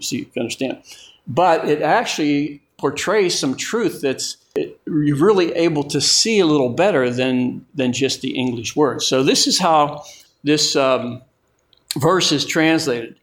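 Slow, emphatic male preacher. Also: a little high, fairly bright tone. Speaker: pastor. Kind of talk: sermon.

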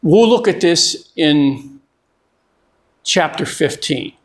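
A man's voice: on the high side, lively intonation, takes it slowly. An older man preaching a sermon in a conversational way, often repeating and restarting his words.

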